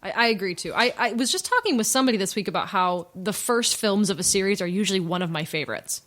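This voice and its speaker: A woman's voice: mid-range voice, animated, fast talker, a bit bright. Giggly chatty woman podcast host. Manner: chatty, giggly, trips over her words. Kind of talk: casual podcast chat.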